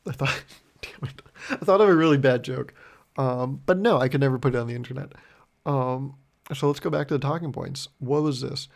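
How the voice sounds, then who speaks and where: A young man hosting a solo podcast, telling rambling deadpan stories full of swearing and acting out both sides of a conversation. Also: mid-range voice, fairly quick, creaky. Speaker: podcast host. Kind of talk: solo comedic storytelling podcast.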